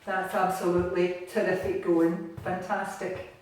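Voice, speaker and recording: A Scottish woman gently leading a home exercise class from her bathroom, encouraging and patient. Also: on the low side, level tone, a little slow. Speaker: exercise instructor. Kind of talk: guided seated exercise class. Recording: echoey room, distant mic, faint noise.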